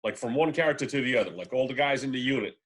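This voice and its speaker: A man's voice: mid-range voice, lively intonation, racing, a bit bright. Rambling man giving film opinions. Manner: rambling, full of fillers and restarts. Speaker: podcast co-host. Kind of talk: casual podcast chat about films.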